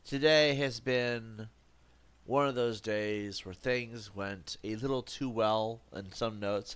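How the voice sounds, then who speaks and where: A live streamer with a blocked nose chats casually while gaming, his low voice steady, slow, clear, and resonant with a fairly bright tone. He muses in a rambling way and tosses in jokes as he goes.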